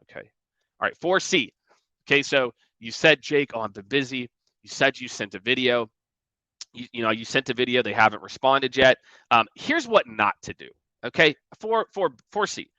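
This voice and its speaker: Emphatic man coaching sales, bright voice. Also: mid-range voice, lively intonation, normal speed, no echo. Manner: emphatic, conversational, acts out quoted emails in mocking voices. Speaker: sales trainer. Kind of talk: energetic sales coaching talk.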